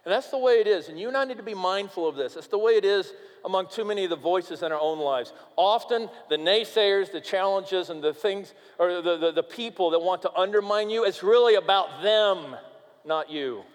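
A man preaching a sermon as pastor, emphatic and animated, sometimes dropping to a quiet, earnest tone. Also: high-pitched, a little fast. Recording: long reverb of a large hall.

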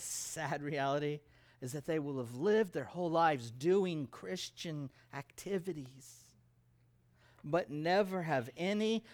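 Emphatic higher-voiced male pastor preaching. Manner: emphatic, conversational preaching with humor. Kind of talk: sermon.

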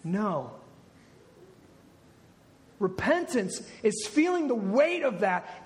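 A man with a very high voice preaches to his congregation. He drives each point home and repeats key words to press them in. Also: big pitch swings, drawn-out words, long pauses. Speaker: pastor. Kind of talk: sermon.

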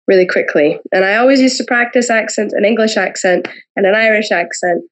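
A woman's voice: mid-range voice, a little fast, low-quality recording. A woman speaking as a podcast guest, an American with a slight Scottish lilt, talking in a chatty storytelling way and laughing often. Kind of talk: casual conversation.

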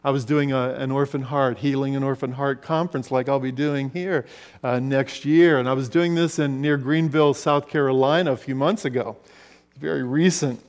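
A man preaching a sermon, telling stories and swinging between loud passages and hushed ones. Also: medium pitch, fairly even intonation, moderate pace. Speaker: pastor. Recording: long reverb of a large hall.

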